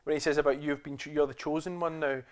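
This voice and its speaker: A man's voice: a little high, little pitch movement, quick pace. A man co-hosting a podcast in casual chat, calling his friend mate a lot. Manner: chatty, says mate a lot. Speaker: podcast co-host.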